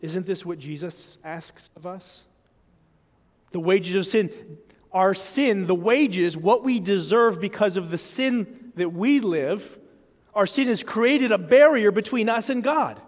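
A high-pitched male pastor delivers an earnest, measured sermon. He slips into sample apologies and prayers to show his point. A long hall reverb trails behind his voice.

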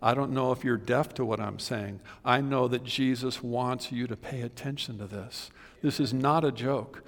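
A man preaching a sermon as pastor, impassioned, swinging from loud pleading to hushed, earnest appeals. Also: medium pitch, moderate pace. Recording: long hall reverb.

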